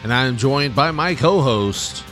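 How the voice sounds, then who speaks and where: A man's voice: medium pitch, expressive, unhurried, over music. A man hosting a podcast in casual, joking chat, laughing often. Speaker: podcast host.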